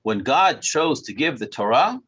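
A man in his sixties, a Torah scribe, telling a story to a small group in an animated way, acting out dialogue and often chuckling as he talks. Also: mid-range voice, a little slow, slightly rough. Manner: chuckles often while talking. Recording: dull lo-fi recording.

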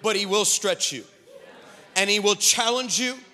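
A man preaching a sermon as pastor, telling stories and building to emphatic, shouted declarations. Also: high voice, measured pace. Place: church sanctuary. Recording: long reverb of a large hall.

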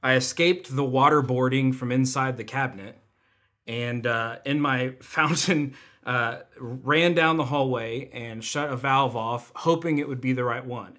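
Medium in pitch and a little bright, the voice belongs to a young adult man testifying at an online church service. He is a volunteer speaker who laughs as he tells stories at his own expense.

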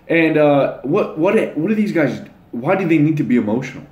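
In a lo-fi recording from an echoey room, a young host talks to camera in a slightly high, darkish voice with big pitch swings, at normal speed with few pauses. He addresses his viewers bluntly and ramblingly, full of crude slang.

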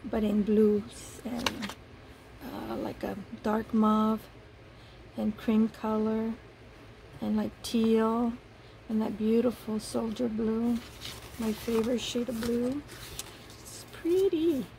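A woman with a fairly high, gravelly voice unboxes craft gifts in a casual vlog. She talks slowly and softly, gushing over every piece with delight. A faint hiss sits under her mellow tone. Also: level tone, rough recording. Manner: gushing, soft-spoken, admiring each item. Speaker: paper craft vlogger.

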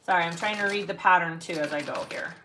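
A woman's voice: fairly low pitch, fast, pushed and bright, a little hiss or hum. A middle-aged woman leading a live sewing tutorial. She explains steps as she works, chats casually and hums filler sounds while she sews. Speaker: sewing instructor and shop owner.

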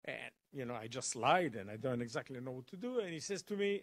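A man giving a lively storytelling talk as a guest speaker at a college, building suspense with dramatic pauses. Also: medium pitch. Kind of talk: animated storytelling lecture. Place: college event.

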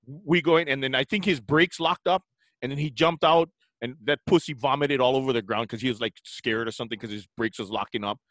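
A man's voice: mid-range voice, fairly quick, fairly bright tone, no echo. Man, host, blunt, rambling, coarse, dry close sound. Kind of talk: casual chat on a group video call.

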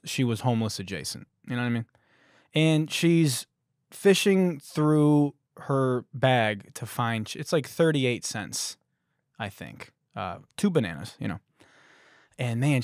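A man in his thirties hosting a podcast, telling a comic story in a sarcastic, animated way. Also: medium pitch, no room sound, clean studio sound. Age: 30s. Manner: sarcastic, animated, puts on voices for quoted people. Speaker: podcast host. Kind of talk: comedic storytelling monologue.

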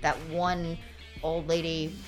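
A woman's voice: low voice, level tone, slow pace, soft background music. A woman co-hosting a casual livestream, teasing her partner with dry sarcasm. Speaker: livestream co-host.

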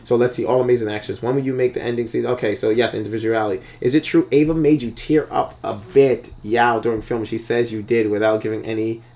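A filmmaker chatting casually on a livestream, rambling and joking and reading viewer comments aloud, with many pauses and fillers. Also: male voice, mid-range voice, fairly even intonation, a little mellow. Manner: rambling, joking, teasing, lots of ums.

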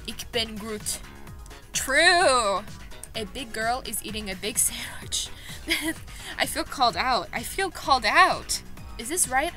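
A woman with a bright, forceful voice pitched a little high talks through a language-app run in a casual vlog. She reacts in quick, excitable bursts and pokes fun at herself, while faint music plays behind her. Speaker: vlogger. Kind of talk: casual gaming commentary. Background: background music.

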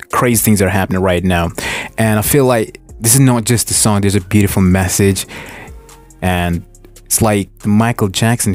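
Man, reaction host, low voice, unhurried, earnest exclamations, loud concert music behind. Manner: exclaiming, earnest, repeats wow and yo. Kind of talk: casual reaction commentary. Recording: music playing loudly behind. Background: concert music from video being watched.

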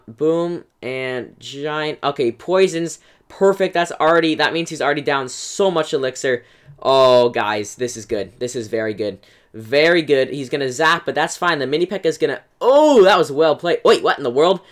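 A young man giving excitable, chatty live commentary over his own gameplay, often addressing viewers directly and filling pauses with "um". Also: a little high. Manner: excitable, talks to viewers as "guys", many "um"s. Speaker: gaming YouTuber.

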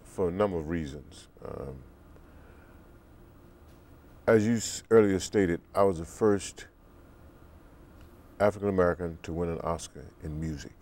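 An older man, a musician guest in an interview, telling stories in an unhurried way and acting out the quotes. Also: mellow. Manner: deep, unhurried storyteller who acts out quotes. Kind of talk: relaxed storytelling interview.

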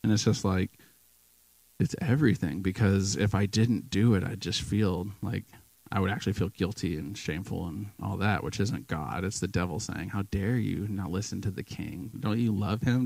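A man's voice: fairly low pitch, steady tone, normal speed, creaky, a little mellow, slightly rough, dry recording, poor audio. A man sharing casual testimony stories in a church, acting out the people he quotes. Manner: storytelling, acts out quoted people. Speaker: guest speaker at church. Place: church sanctuary.

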